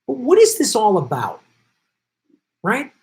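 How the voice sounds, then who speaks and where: Animated, indignant male political commentator. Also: sits high, unhurried, rough recording. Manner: indignant, sarcastic, talks with emphatic repetition.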